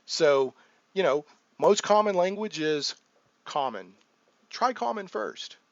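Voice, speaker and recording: A man with a high, creaky voice and lively intonation takes his time as he casually discusses running a tabletop game; he's a game master and channel host. He rambles through restarts and fillers and acts out what his players say. The audio is dull, muffled and dry, with no echo.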